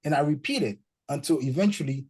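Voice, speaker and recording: A man with a fairly high, slightly rough voice talks quickly as a guest in a relaxed chat that switches between languages. He is an animated storyteller who voices the words of parents and children. The audio is poor.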